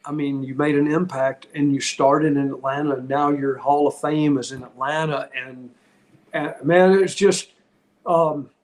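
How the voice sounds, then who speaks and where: A man's voice: mid-range voice, little pitch movement, normal speed, few pauses. A middle-aged man, a podcast guest telling stories in a candid, rambling, heartfelt way with frequent restarts. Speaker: podcast guest, retired wrestler. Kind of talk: casual interview storytelling.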